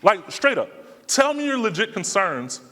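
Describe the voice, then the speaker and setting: At a live talk in a conference hall, a male speaker answers audience questions casually, using slang. His high-sitting, sharp voice swings broadly in pitch at a moderate pace, with long hall reverb on the recording.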